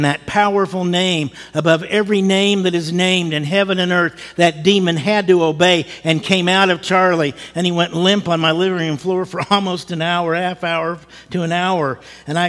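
A male pastor telling a story in a sermon, lively and animated, acting out what people said and chuckling as he goes. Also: a little high, long reverb tail. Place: church.

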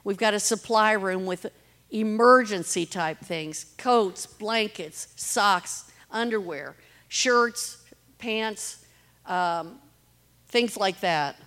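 Speaking slowly in a mid-range, slightly bright voice, this middle-aged woman earnestly recounts her street ministry. She tells stories and acts out what people said to her.

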